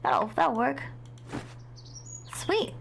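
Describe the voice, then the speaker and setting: A young woman streaming a game live, excitable and dramatic, reacting out loud and swearing freely. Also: high voice, very slow, gravelly, a little hiss or hum. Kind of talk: live gameplay commentary.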